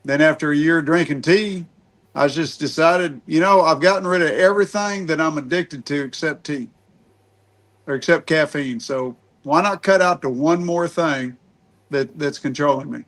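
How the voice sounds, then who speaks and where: A man's voice: a little high, moderate pace, a bit bright. A middle-aged man hosting a casual podcast chat, speaking in a rambling, folksy way and often restarting his sentences. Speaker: podcast host.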